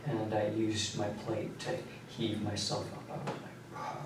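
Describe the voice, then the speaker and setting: Quiet teenage man in an echoey room. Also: fairly low pitch, monotone. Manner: quiet, halting, with many fillers. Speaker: suspect under interrogation. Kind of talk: recounting events in a police interview. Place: interrogation room. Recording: echoey room, distant mic, faint hiss.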